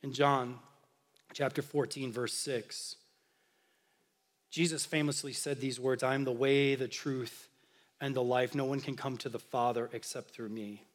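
A man giving a conversational sermon, slowing down for emphasis at key phrases. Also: mid-range voice, big-room sound. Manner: conversational, animated preaching with emphatic slow phrases. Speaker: pastor.

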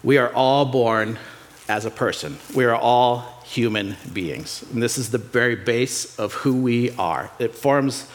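Guy preaching, chatty sermon, jokes around, lots of "right?" and little stories. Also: measured pace. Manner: conversational, jokes with congregation, asks rhetorical questions; animated storytelling with pitch swings. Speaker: pastor.

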